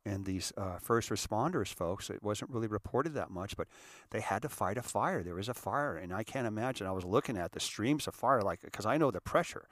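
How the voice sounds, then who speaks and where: A middle-aged man with a lowish voice speaks straight to his listeners in a heartfelt solo monologue. He sounds earnest and emotional, stumbling over and repeating words as he goes. The recording is dry and close, with no room sound. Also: lively intonation, fairly quick, fairly bright tone, dry recording. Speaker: podcast host.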